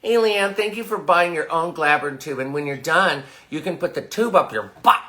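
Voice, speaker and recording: A man performing in drag, hosting a campy livestream sales pitch with sassy, crude deadpan jokes. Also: normal speed. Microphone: phone livestream.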